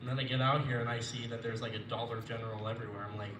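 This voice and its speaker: A man's voice: mid-range voice, level tone, rapid-fire, few pauses. A young man from Florida doing a rambling, profane stand-up set who loses his train of thought at times. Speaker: stand-up comedian. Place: live comedy venue. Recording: echoey room, mic at a distance, noisy.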